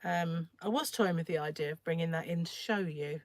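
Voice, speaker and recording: A croaky woman chats away on a crochet livestream, her voice a touch low and recorded close and dry on a phone. She rambles easily from one thought to the next, pausing to clear her throat. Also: no room sound. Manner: chatty and rambling, often trails off. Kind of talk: casual livestream chat while crocheting.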